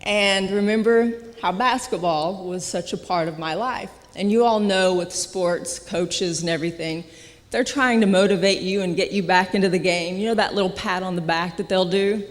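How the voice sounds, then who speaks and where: An adult speaker giving an earnest personal testimony at a church service, halting with frequent restarts and soft laughs. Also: mid-range voice. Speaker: guest speaker sharing a testimony. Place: church sanctuary. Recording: long church-hall reverb.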